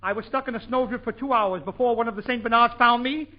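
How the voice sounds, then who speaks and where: High-voiced man doing 1940s radio comedy. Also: fast talker. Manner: bouncy, joke-punching delivery with frequent laughs. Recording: muffled 1940s radio broadcast with studio audience.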